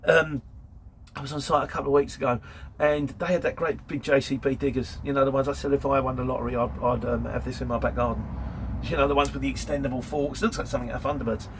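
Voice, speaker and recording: With background noise behind him, a fast-talking man in his 50s with a medium-pitched voice and fairly even intonation chats through a casual Q&A. He tells stories about courier driving and laughs between them.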